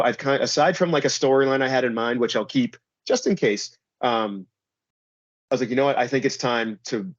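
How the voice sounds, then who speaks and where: A man in a casual interview who rambles, filling his talk with "like" and "you know". His voice sits at an ordinary middle pitch. The recording is dry and a little dull. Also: no echo. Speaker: pro wrestler guest.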